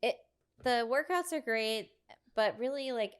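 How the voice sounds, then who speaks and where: A woman with a smooth, clear voice co-hosting a casual podcast. She speaks earnestly and agreeably, often chiming in with short yeahs. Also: a little high, animated, measured pace. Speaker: podcast co-host. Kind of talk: casual chat. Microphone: podcast microphone.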